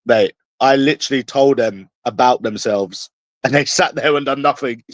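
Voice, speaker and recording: A streamer from London, England, confronts his chat in a profane, repetitive livestream rant. He speaks at a moderate pace in a mid-range voice, and the recording is dry.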